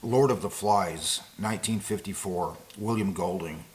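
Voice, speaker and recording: Low-voiced, rambling commentator man. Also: unhurried. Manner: rambling, digressive, with frequent fillers and restarts. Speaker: political commentator. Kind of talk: casual spoken commentary.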